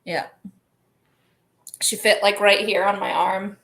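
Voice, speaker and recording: A woman in casual chat, soft-spoken and giggly as she talks about her puppy. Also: mid-range voice, fairly even intonation, takes it slowly, creaky, noisy background. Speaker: guest healer.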